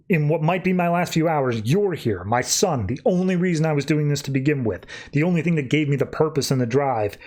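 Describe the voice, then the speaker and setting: A man's voice: fairly high pitch, darkish tone, close to an everyday voice. A man voicing a weary male hero who earnestly doubts his purpose.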